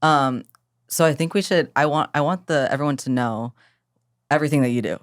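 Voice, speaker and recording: Animated, teasing woman co-host. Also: low voice, a little fast. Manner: animated, teasing, lots of likes and laughs. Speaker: podcast co-host. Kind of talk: casual podcast chat.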